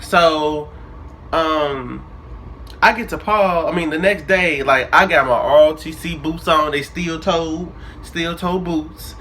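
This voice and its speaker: A man's voice: on the high side, slow pace, a little hiss or hum. A young man, telling a personal story casually and acting out the dialogue with drama. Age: early 20s. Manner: animated, dramatic retelling with quoted dialogue. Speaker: vlogger.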